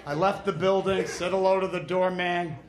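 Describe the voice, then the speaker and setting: A man from New City, doing a stand-up comedy set, telling brash, rapid-fire stories full of cursing. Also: high-pitched, fairly even intonation. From New York City. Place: comedy club stage. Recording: echoey club with loud crowd laughter. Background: loud audience laughter.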